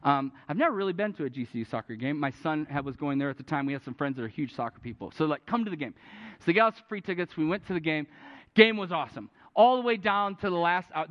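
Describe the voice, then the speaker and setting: A man preaching a sermon as a pastor, telling a story with animated, urgent peaks. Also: fairly high pitch. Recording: dull, echoey hall.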